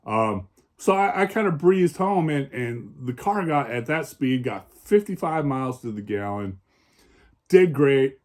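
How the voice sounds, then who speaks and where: A man's voice: mid-range voice, expressive, measured pace. A man vlogger ranting about bad drivers, profane, heated and sarcastic, from the American Northwest. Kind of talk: angry personal rant. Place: home in Oregon.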